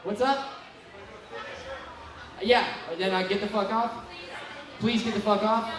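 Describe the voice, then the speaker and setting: A man in his twenties doing a profane, rambling stand-up set with loud bursts of yelling, working the crowd at a bar. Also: sits high, steady tone, slow. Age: 20s. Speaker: stand-up comedian. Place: bar stage with a live crowd. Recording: far-off echoey bar recording with noise.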